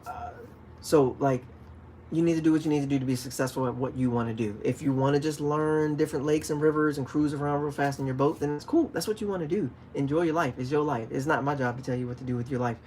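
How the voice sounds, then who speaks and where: A man hosting a casual fishing livestream, chatting with viewers and acting out stories with sudden loud calls. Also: fairly high pitch, quick pace, slight background noise. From DC, Maryland, Virginia area. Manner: animated storytelling, acts out shouted calls. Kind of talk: casual livestream chat, reading viewer comments.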